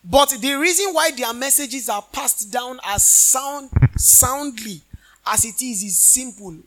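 High-pitched, bright-voiced male preacher. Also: animated, slow, soft background music. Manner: call-and-response questions to the congregation; emphatic, often sing-song preaching cadence. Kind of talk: sermon. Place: church.

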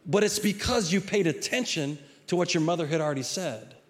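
A man's voice: a little high, a little fast. A middle-aged male pastor preaching a sermon in a conversational way, often repeating words and restarting phrases. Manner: acts out a child's pleading voice in quotes.

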